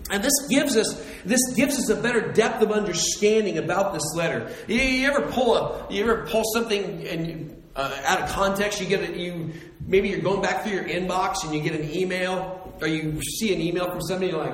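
A man preaching a sermon as pastor, animated, repeating phrases and acting out the voices of people he quotes. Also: high-pitched, normal speed, reverberant, long reverb tail, a little hiss or hum, low-quality recording.

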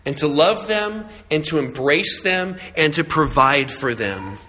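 Bright-voiced man preaching a sermon. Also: a little high, animated, poor audio. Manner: dramatic, swings between slow emphatic lines and quick asides; acts out voices of the brothers in hushed tones. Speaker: pastor.

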